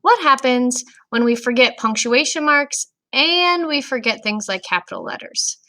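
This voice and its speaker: Woman, teacher, bright voice, clear and patient, grammar lesson for kids. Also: high-pitched, animated, normal speed, rough recording. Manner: clear, patient, talks to young students. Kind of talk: recorded grammar lesson for children.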